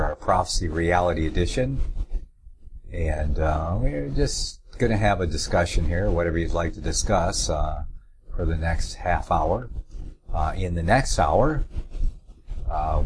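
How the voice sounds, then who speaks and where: A man's voice: low-pitched, background noise. A middle-aged man hosting a religious talk radio show, rambling with many filler uhs and leaning hard on key words as he reads scripture aloud.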